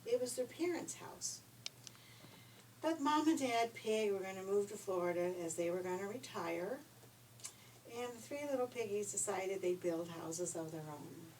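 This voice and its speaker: A woman's voice: mid-range voice, animated, moderate pace, a little mellow. Older woman telling a children's story. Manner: homey, chatty storytelling. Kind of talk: reading a children's story aloud. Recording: distant mic, faint hiss.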